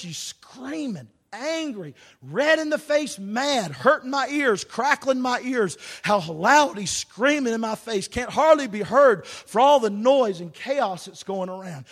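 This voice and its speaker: A middle-aged male preacher telling a story in a sermon, building to shouts in a sing-song preaching cadence. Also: very high voice.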